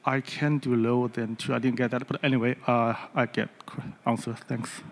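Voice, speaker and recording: A man in a conference audience asks a question with some hesitation. He searches for words as he goes. His voice sits at a middle pitch. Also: little pitch movement, moderate pace, creaky. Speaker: audience member asking a question. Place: conference hall.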